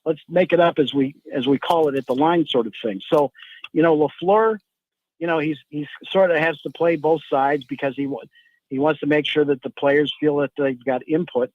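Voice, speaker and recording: A man's voice: fairly high pitch, moderate pace, narrow, tinny audio. A man giving football analysis as a guest on a sports talk radio show, rambling and restarting often.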